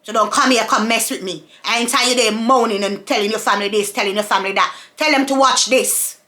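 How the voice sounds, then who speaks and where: A woman's voice: on the high side, fast, bright, forceful tone. A woman, a mother talking to her camera in an emphatic, repetitive rant full of rhetorical questions. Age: adult, mother of several children. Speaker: vlogger. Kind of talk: casual monologue to camera.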